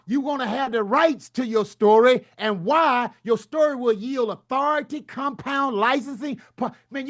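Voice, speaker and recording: A man giving a hyped motivational talk as a book coach, preaching in call-and-response with folksy turns of phrase. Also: very high-pitched. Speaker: book coach and summit speaker.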